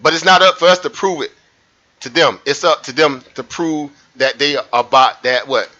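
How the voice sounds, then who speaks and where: A man hosting a live trading stream, talking viewers through a price chart in an animated way, repeating points and asking rhetorical questions. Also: on the high side, moderate pace. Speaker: trading livestream host. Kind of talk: live market commentary over a chart. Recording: muffled lo-fi stream audio.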